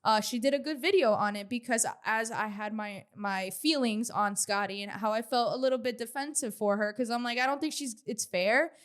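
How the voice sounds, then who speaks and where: An opinionated woman co-hosting a gossip podcast, chatting casually about a reality show. Her voice sits a little high, and she swears freely while arguing her side. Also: normal speed, hardly any pauses, a bit bright. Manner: opinionated, profane, mimics others mockingly. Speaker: podcast co-host.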